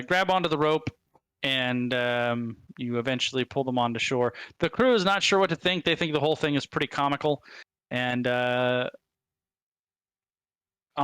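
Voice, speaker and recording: A man narrating as game master of a tabletop game, halting, with many fillers and restarts. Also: medium pitch, a bit bright, clear, resonant tone, dry recording.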